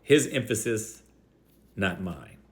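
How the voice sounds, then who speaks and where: A man hosting a Christian video, rebutting an opponent directly in a combative voice and stressing key words slowly. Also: lowish voice, very animated. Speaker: Christian apologetics video host.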